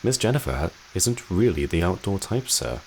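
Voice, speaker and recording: A man's voice: sits low, very animated, normal speed, creaky, darkish tone, a little hiss or hum, heavily acted. A man voicing an old male gardener with a bad back, speaking in a dry, deferential way in a mystery game.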